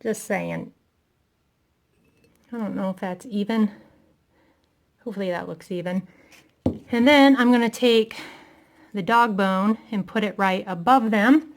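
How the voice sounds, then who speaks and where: Slow gravelly woman crafting, out of breath. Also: medium pitch. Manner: chatty, self-deprecating, talking while working. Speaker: crafting tutorial maker. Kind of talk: casual craft tutorial.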